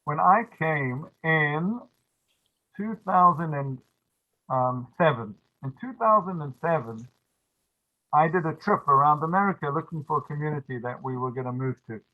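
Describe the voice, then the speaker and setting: A man's voice: fairly high pitch, normal speed. Chatty man on a tinny line. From South Africa. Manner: chatty, frequent restarts and asides. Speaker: religious teacher. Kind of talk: storytelling lesson. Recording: tinny phone-like sound.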